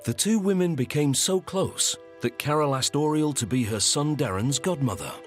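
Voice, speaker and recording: Male documentary narrator, measured, animated delivery over music. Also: on the high side. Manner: measured storytelling.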